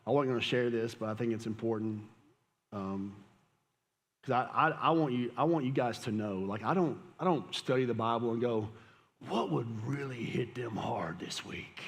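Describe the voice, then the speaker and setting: A man's voice: mid-range voice, moderate pace. A man, preaching a sermon as a pastor, telling a casual, conversational story and laughing at it. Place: church hall with audience. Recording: live church hall with long reverb.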